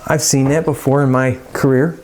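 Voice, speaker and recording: A man's voice: mid-range voice, flat delivery, normal speed, a little mellow, slight background noise. A middle-aged man teaching a chemistry lesson in a casual, folksy, rambling way, with jokey asides. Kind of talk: casual lecture.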